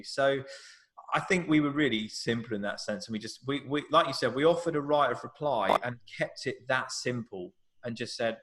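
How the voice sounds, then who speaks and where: Animated male film director telling stories. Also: mid-range voice, normal speed. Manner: animated storyteller, acts out quotes, frequent restarts. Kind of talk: live Q&A conversation.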